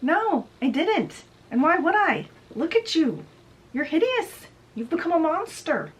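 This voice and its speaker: A woman's voice: fairly high pitch, sing-song, slow pace, recorded from a distance, rough recording. A woman voicing a scornful male king of the gods, indignant and accusing, in a storytelling video. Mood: contemptuous.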